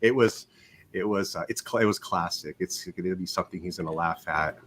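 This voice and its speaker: A man with a lowish voice hosts a loose, unscripted live stream. He rambles through anecdotes with cursing and bursts of animation. He is heard through a desktop mic on a video call. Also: brisk, slight background noise. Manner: rambling, profane, animated storytelling. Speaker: host of a live watch show. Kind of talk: casual live-stream chat. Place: home in California.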